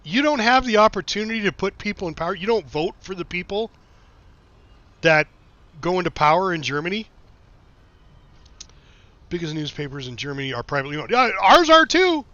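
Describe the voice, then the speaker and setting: Reading chat during a casual live stream, this middle-aged game streamer from the US tells meandering, profanity-heavy stories punctuated by laughing asides. His high, expressive voice moves fairly quickly but breaks into long pauses, sounding pushed and bright through a dull, dry lo-fi microphone.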